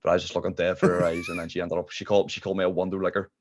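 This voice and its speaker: A man's voice: sits low, level tone, very fast, a little hiss or hum. A young man with a Derry accent, guesting on a podcast in a laid-back, rambling chat full of swearing. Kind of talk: casual chat. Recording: muffled lo-fi podcast audio.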